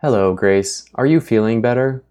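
A man voicing a calm, caring male car AI that speaks in a slow, measured, gentle way. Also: medium pitch, clean tone, voice pushed up, lightly acted.

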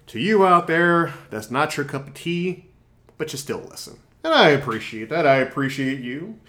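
A man's voice: mid-range voice, fairly bright tone. A man playing Henry, a boastful fox host. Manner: rambling, self-mocking, joking asides. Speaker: podcast host. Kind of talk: comedic improvised monologue.

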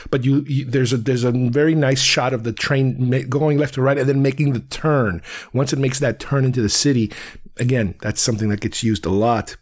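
A man from New York talking casually about films, wandering off on tangents and often restarting his sentences. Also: mid-range voice. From Queens, New York. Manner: digressive, restarts thoughts often. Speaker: film reviewer. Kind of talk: casual film commentary.

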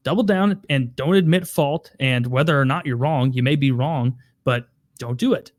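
A man's voice: medium pitch, no room sound, clean studio sound. A man talking bluntly and profanely about politics in a casual chat. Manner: blunt, profane, fast and emphatic.

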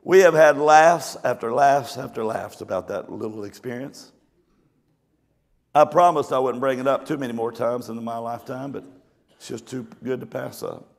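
A man's voice: medium pitch, moderate pace, creaky. A male pastor telling a folksy story in a conversational sermon. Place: church or camp meeting hall. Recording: long hall reverb.

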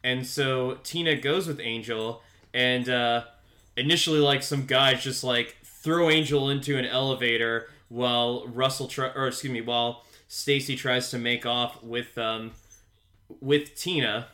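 A man co-hosting a casual podcast, walking through an episode's plot in a loose, rambling way. His voice is bright and forceful, at an ordinary pitch, and he stops often for fillers and restarts. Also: fairly even intonation, a little slow. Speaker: podcast co-host. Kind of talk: casual show recap chat. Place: home, a pet cat nearby.

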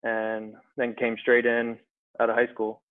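A young man in his twenties from rural Pennsylvania, answering interview questions in a low-key, brief way. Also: completely flat delivery, measured pace. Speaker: guest, pararescue graduate. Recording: phone-like thin sound.

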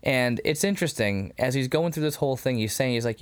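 A man's voice: mid-range voice, fairly quick, clear, resonant tone. A man co-hosting a podcast in casual chat, retelling scenes with lots of laughter and stop-start phrasing. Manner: animated retelling, laughs often; many fillers and restarts. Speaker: podcast co-host.

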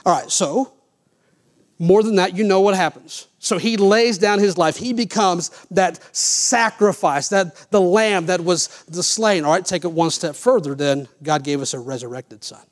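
A man's voice: high voice, moderate pace. A man pastor preaching a sermon, reading scripture aloud and putting questions to the congregation. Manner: animated preacher, reads King James scripture, asks the congregation questions.

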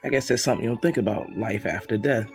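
A man's voice: on the low side, fast, faint music behind. A man from Brooklyn, hosting his podcast in a casual, joking solo monologue full of laughter. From Brooklyn, New York. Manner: joking, chatty storytelling with laughs. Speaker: podcast host.

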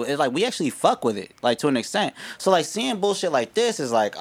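On a casual podcast, an American man co-hosts with loose, profane talk, lots of fillers and frequent restarts. His fairly high voice swings widely in pitch, moving a little fast with few pauses.

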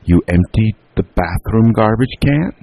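A man's voice: on the low side, lively intonation, unhurried, creaky, mellow, no echo, pitched above the performer's own voice, heavily acted. A man voicing a stern, insistent mother who keeps repeating orders to her two boys.

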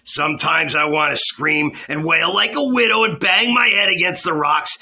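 Man doing an anguished male disciple, furious, shouting, high strained voice, raspy. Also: moderate pace, full character voice. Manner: shouting, accusing, wailing.

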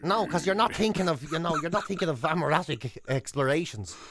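A man's voice: on the high side, expressive, brisk, background noise. An Irish man co-hosting a morning radio show, joking and laughing in comic banter and often stumbling over his words. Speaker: radio host.

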